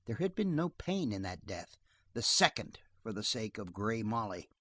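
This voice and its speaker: A man reading a western novel aloud as an audiobook narrator, steady and measured. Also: lowish voice, breathy edge, dry recording.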